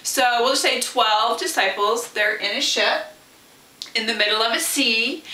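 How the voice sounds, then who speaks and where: A woman's voice: on the high side, pushed and bright. Chatty woman teaching a Bible lesson. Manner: chatty, with many asides and rhetorical questions. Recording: roomy, from a distance.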